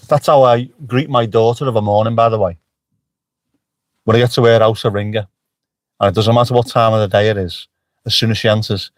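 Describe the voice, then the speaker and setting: A man's voice: on the low side, steady tone, fairly quick, pauses often, no room sound. A middle-aged man chatting casually on a livestream, joking and swearing freely as he answers the chat. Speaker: livestream host. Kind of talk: casual live-stream chat.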